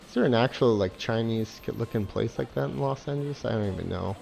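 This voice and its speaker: Gravelly-voiced man, sarcastic game reviewer. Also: lowish voice, animated, moderate pace, a little mellow, faint music behind. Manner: sarcastic, swears a lot, mocking laughs. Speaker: gameplay reviewer. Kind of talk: casual profane commentary over gameplay.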